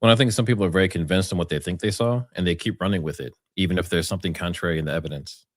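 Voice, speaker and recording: A man hosting an interview, asking questions in a brisk, conversational way. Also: sits low, dry recording, clean studio sound.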